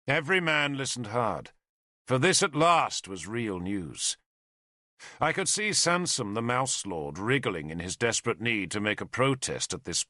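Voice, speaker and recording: A man narrating an audiobook in a dramatic, measured storytelling way. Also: mid-range voice, bright, forceful tone, dry recording, clean studio sound.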